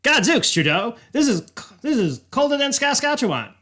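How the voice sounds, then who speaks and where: A man's voice: extremely high pitch, sing-song, moderate pace, pushed and bright, a little hiss or hum, pitched above the performer's own voice, heavily acted. A man voicing a boastful male Canadian hero toy in an exaggerated cartoon Canadian accent, calling people "guy.". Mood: alarmed. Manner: cocky, says "guy" a lot.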